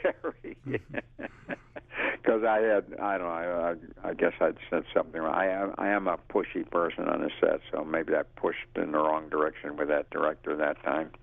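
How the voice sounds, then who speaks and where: Brief: older male actor, very low and gravelly, animated anecdotes over a phone line. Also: no room sound. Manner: lively storyteller who acts out quotes and laughs. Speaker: actor interviewee. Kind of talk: casual anecdotal interview.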